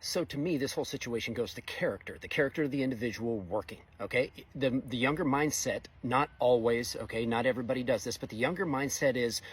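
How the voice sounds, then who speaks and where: A man's voice: medium pitch, fast talker, few pauses, breathy edge. A middle-aged man, a welder, giving a blunt, exasperated opinion monologue in casual speech. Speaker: fabricator welder.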